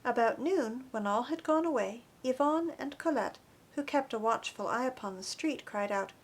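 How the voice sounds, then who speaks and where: A woman's voice: a little high, animated, normal speed. Earnest woman reading an audiobook. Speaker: audiobook reader. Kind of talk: scripted narration.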